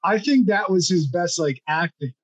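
High-pitched man on a dull mic. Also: animated, normal speed, slightly rough. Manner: enthusiastic, blunt, profane opinions. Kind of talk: casual podcast banter.

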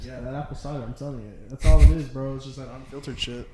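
A man's voice: medium pitch, steady tone, quick pace. Laid-back swearing man, noisy recording. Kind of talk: casual podcast chat. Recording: noisy background.

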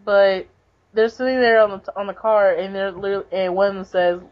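Woman podcast cohost rambling thru a manga recap, mid pitch, muffled lo-fi sound. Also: level tone, brisk. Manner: rambling, filler-heavy, with lots of "like" and "basically". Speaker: podcast co-host. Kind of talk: casual chat recapping a manga. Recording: dull lo-fi podcast recording.

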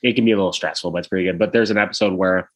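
A man co-hosting a podcast, chatting casually and retelling TV scenes with squeaky put-on voices. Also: fairly even intonation, very fast. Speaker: podcast co-host. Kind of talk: casual chat.

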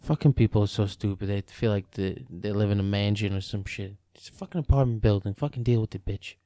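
A man's voice: on the low side, fairly even intonation, brisk, mellow, dry recording, clean studio sound. A man co-hosting a casual podcast, talking crude and slangy with lots of swearing. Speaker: podcast co-host. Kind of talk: casual chat.

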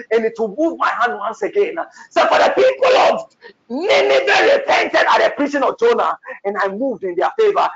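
In fervent, shouted bursts, a gravelly-voiced man leads a prophetic prayer session, repeating phrases and breaking into tongues. His voice sits high, and the audio sounds dull.

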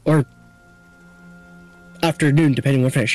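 A man's voice: sing-song, moderate pace, darkish tone, breathy edge. A man playing a tabletop game over a call, stammering and restarting his sentences. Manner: stammering, restarts often, jumps high in pitch. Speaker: player. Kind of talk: casual tabletop game chat with in-character lines. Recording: faint music behind.

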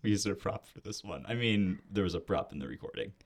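A man's voice: fairly low pitch, lively intonation, fast, slight background noise. A young man co-hosting a casual history podcast, joking and laughing as he chats. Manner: laughing, playful banter. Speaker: podcast co-host. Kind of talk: casual chat.

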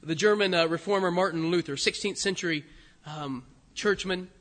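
A man preaching a sermon to a congregation in an animated, conversational way. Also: high voice, moderate pace. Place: church sanctuary. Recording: hall reverb.

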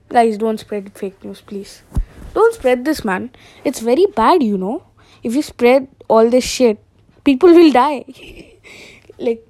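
A young woman talks in a casual, meandering comedy monologue. She takes her time, chuckling at her own jokes and wandering off topic. Her voice sits on the higher side. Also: a little mellow. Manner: rambling, laughs at own jokes. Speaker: podcaster.

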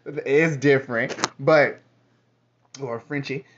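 A man's voice: mid-range voice, fairly even intonation, slow, a bit bright, slight background noise. A man speaking to the camera in a sassy, profane, rambling casual monologue. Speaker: vlogger. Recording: dull lo-fi audio.

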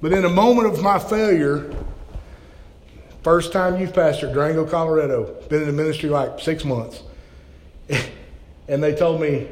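A male pastor delivers a heartfelt sermon with a fairly high voice, often stumbling over repeated words as he builds momentum. His voice rings with the long reverb of a church hall. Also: normal speed, long pauses, a little hiss or hum. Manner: impassioned, stammering repeats.

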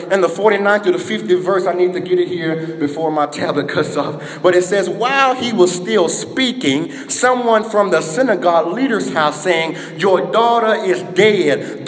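A high-voiced man preaches with fervent call-and-response energy, his rising into exhortation and dropping low to tell the story. The sound rings through a large, echoing church hall. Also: a bit bright. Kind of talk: sermon. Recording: echoey hall.

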